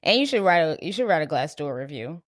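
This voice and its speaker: Low-voiced woman giving blunt advice. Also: big pitch swings, fast talker, no room sound, studio quality. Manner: supportive listener, frequent backchannels and blunt advice. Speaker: podcast co-host. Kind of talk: casual chat.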